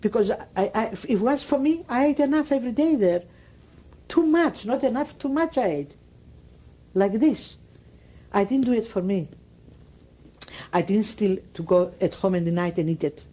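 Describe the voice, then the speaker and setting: Older woman from Greece, Greek accent, non-native English, warm low-bright tone, emphatic oral-history speaker. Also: animated, moderate pace. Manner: broken English, emphatic and repetitive storytelling. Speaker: Holocaust survivor interviewee.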